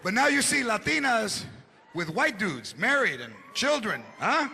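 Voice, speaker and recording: Brash, gravelly high-voiced man doing stand-up. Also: big pitch swings, a little slow. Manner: loud, brash, profane, slips into Spanish phrases. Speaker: stand-up comedian. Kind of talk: stand-up routine. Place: large venue, on stage. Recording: live show with crowd laughter and noise.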